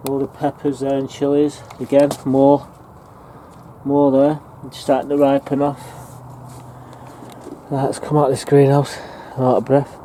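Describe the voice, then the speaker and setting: A man talks his way around an allotment, rambling and restarting as he goes. His voice is dark and mellow, with a faint hum of town and traffic behind him outdoors. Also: medium pitch, completely flat delivery, unhurried, long pauses. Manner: chatty, rambling, with fillers and restarts. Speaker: allotment gardener giving a plot tour. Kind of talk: casual walking tour narration.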